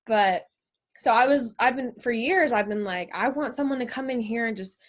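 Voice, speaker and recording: A young woman, a college softball player, talking casually and in a relaxed, chatty way on a video call. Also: a little high, moderate pace. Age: young adult.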